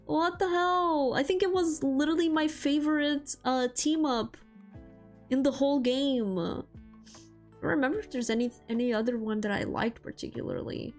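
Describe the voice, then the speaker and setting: A woman VTuber streamer chatting casually about games and comics, rambling and animated, with lots of fillers and laughter. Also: high voice, normal speed, faint music behind. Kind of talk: casual chat.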